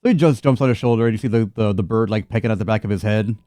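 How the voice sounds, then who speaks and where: A man's voice: fairly low pitch, very fast, dark tone, no room sound. A man running a tabletop game as game master, narrating in a loose, chatty way and laughing often.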